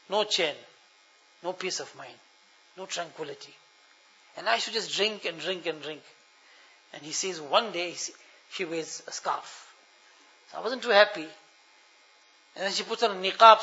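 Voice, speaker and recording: A man preaching a sermon, telling a story and pleading earnestly with his listeners, dropping to a hush and then rising loud. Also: high-pitched, normal speed, long pauses. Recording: dull lo-fi sound.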